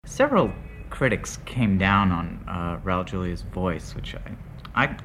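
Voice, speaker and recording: Low-voiced friendly male interviewer. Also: animated, takes it slowly, a bit bright, soft background music. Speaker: radio interviewer. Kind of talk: casual interview talk.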